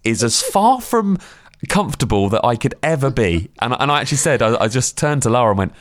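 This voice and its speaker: A man's voice: medium pitch, fast, no echo, studio quality. A man co-hosting a radio chat, telling rambling, self-deprecating stories full of restarts. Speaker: radio co-host.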